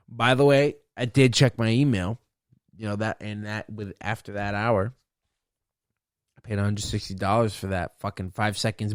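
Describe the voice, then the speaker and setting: A man's voice: lowish voice, normal speed, no echo, clean studio sound. A young man hosting a solo podcast, ranting in a profane, boastful, rambling way. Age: young adult. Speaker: podcast host.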